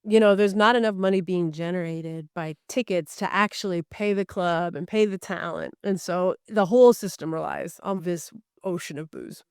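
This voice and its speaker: Middle-aged woman podcast guest, articulate and reflective, smooth resonant voice, dry close mic. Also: lowish voice, normal speed, hardly any pauses, darkish tone, dry recording. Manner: thoughtful, articulate, laughs easily. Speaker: guest, recording artist. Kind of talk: podcast interview conversation.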